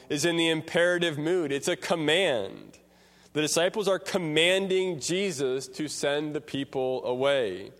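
Slow-preaching man in a reverberant hall. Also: on the high side. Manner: slow, deliberate expository preaching. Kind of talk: sermon. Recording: long reverb of a large hall.

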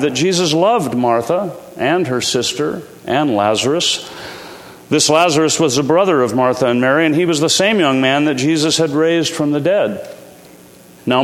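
A man preaching a sermon in a measured, earnest way, slowing down to stress key lines. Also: mid-range voice. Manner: measured, earnest preaching with slow emphatic endings. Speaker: pastor. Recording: long hall reverb.

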